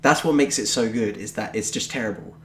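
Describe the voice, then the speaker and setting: A man's voice: lowish voice, fairly quick, a little hiss or hum. Rambling young man in an echoey room. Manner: rambling, offhand, jokey. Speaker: podcast co-host. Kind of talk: casual chat. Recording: roomy echoey home recording.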